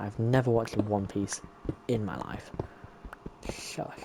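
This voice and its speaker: A man's voice: on the low side, animated, slow, creaky, long pauses, background noise. A man giving chatty running commentary to himself as he plays a game. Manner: chatty running self-talk. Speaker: gameplay streamer. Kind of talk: casual gameplay commentary.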